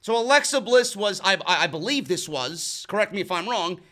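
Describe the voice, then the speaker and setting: Male reviewer, high-pitched and bright, profane and exasperated recap. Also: animated, brisk. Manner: profane, exasperated, stumbles over words. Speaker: wrestling show reviewer. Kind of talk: casual recap and rant.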